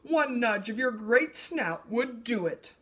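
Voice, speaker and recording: A booming, mocking male lion talks big and bold, as a woman puts him on. His storybook voice carries a brash, lively swagger. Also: slow, slightly rough, full character voice. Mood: pleading. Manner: loud roaring laughter, bold.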